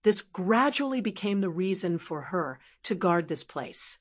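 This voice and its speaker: A woman narrating a fantasy audiobook in an even, steady reading voice. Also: on the low side, a little slow.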